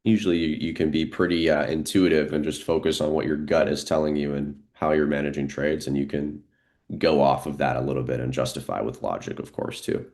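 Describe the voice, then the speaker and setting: Man, very deep voice, live market commentary, relaxed, lots of fillers, desk mic. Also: brisk. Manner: relaxed, thinking aloud with fillers. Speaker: trading streamer.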